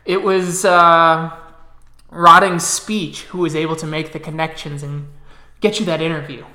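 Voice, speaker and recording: A man's voice: on the high side, level tone, measured pace, pushed and bright. Man doing a bubbly young woman, eager, raised voice, echoey room. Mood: excited. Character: cheerful young woman, pack sister.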